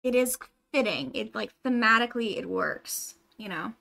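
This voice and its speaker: Young woman, game streamer, bright voice, slightly high, chatty with lots of fillers. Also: animated, normal speed, creaky. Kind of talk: casual live gameplay commentary.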